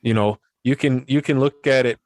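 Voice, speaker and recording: A man's voice: mid-range voice, normal speed, no echo. Easygoing man, dry close sound. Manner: easygoing, agreeable, frequent restarts. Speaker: podcast guest or host. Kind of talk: casual conversation.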